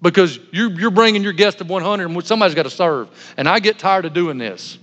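A woman's voice: lowish voice, brisk, fairly bright tone, highs cut off. A man doing a flustered, overworked hostess. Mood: exasperated. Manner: exasperated pleading. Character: flustered busy woman hosting guests. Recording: long hall reverb.

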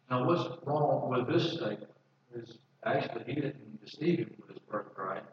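A man's voice: medium pitch, lively intonation, normal speed, slight background noise. A man preaching a sermon as pastor, reading scripture aloud and explaining it in a conversational way, often repeating words as he goes. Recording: distant mic with roomy echo, dull sound.

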